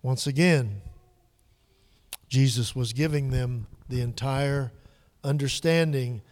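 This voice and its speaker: A male pastor preaching a sermon, dropping to hushed whispers and rising to loud, emphatic peaks. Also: medium pitch, slow. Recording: long hall reverb.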